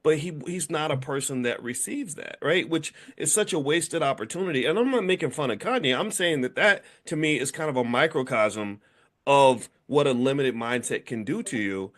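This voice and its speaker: A middle-aged man hosting a relaxed chat about money and mindset. His voice sits in an ordinary middle pitch, and he circles his points with repeated restarts and fillers. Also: normal speed. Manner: rambling with many restarts and fillers. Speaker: host, founder of a business school. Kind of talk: casual conversation.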